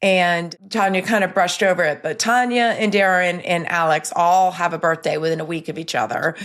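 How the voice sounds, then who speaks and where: A woman in her fifties hosting a podcast, chatty and animated, laughing often as she retells stories. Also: lowish voice, normal speed. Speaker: podcast host. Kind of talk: casual chat.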